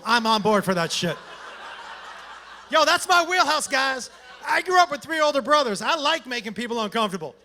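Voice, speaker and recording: A brash man telling a stand-up story on a club stage, his voice pitched unusually high and swinging widely as he goes. The tone is bright and sharp, with loud shouted punches. A faint hum of room noise sits under him. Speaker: stand-up comedian. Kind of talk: stand-up comedy set.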